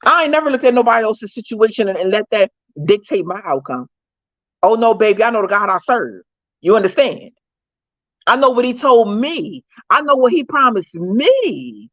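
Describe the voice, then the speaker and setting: A woman's voice: on the high side, dry recording. Woman, prison advocate, preachy motivational talk, emphatic repetition, calls listeners baby, muffled dry recording.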